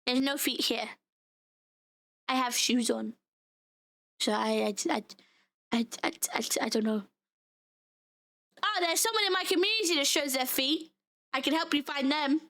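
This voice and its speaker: A young British woman chatting casually on a livestream, bubbly and giggly, her voice hoarse and giving out. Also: high voice, a little slow, pauses often, fairly bright tone. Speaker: VTuber streamer.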